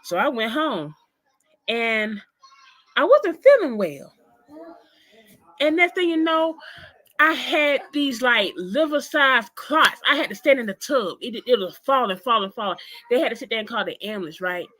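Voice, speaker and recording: A woman guest in an interview, telling a personal story in an animated, emphatic way and speaking straight to her listeners. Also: on the high side, a little slow.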